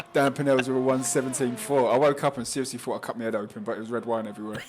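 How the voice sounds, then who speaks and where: A man's voice: medium pitch, level tone, very fast, a little hiss or hum. A man commentating a sim race on a live stream, chatty and laughing often as he reads out viewer comments.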